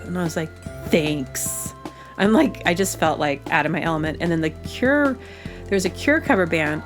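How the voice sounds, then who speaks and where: A woman hosting her own show, telling a story in a loose, chatty way full of fillers and self-corrections. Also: fairly low pitch. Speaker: podcast host. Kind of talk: casual storytelling monologue.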